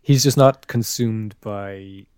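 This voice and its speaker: A man's voice: on the low side, takes it slowly, darkish tone, smooth, dry recording, studio quality. A man in casual podcast talk, blunt, swearing, often restarting his sentences. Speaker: podcast co-host. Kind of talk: casual chat.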